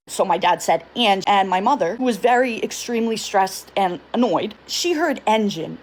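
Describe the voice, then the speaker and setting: A woman's voice: mid-range voice, a little fast, few pauses. Woman ranting a family story, voice all over the place, swears a lot, faint room hum. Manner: animated, swears freely, acts out family members. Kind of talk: casual storytime.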